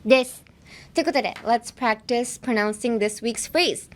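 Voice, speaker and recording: A woman's voice: a little high, brisk. Chatty woman teaching pronunciation. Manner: chatty, laughs often, explains pronunciation step by step. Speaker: podcast host and English teacher. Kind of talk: casual podcast lesson.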